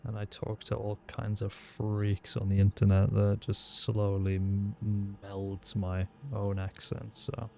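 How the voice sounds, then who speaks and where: A man with a faded South Welsh accent chatting his way through a roleplay game. His voice sits a little low, and he talks in an unhurried, laid-back way with casual swearing. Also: monotone, creaky, dark tone, slight background noise. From South Wales. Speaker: streamer playing a sheriff.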